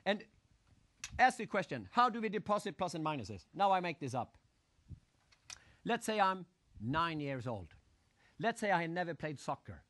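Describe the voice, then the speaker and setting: Animated male seminar speaker. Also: a little high, normal speed, pauses often. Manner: animated, acts out crowd shouts and questions the audience. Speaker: motivational speaker. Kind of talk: live seminar talk.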